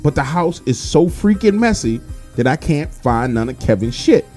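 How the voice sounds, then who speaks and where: Animated, foul-mouthed male storyteller. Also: on the high side, normal speed, faint music behind. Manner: animated, heavily profane. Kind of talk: casual spoken storytelling.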